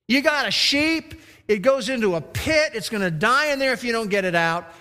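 A pastor preaching a sermon, swinging between loud emphatic stretches and hushed, slow emphasis. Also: male voice, extremely high pitch, lively intonation. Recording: long reverb of a large hall.

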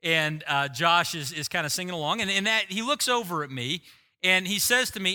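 A middle-aged man delivers a sermon from the pulpit in a high, piercingly bright voice. He tells his story with lively, self-deprecating humor before turning earnest. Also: a little fast, smooth. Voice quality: voice likened to a screaming rock singer. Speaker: pastor.

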